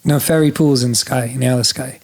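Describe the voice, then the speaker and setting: A Scottish man from Scotland giving rambling, lively travel advice as a podcast guest, swearing freely. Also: medium pitch, fast, creaky. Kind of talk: casual storytelling chat.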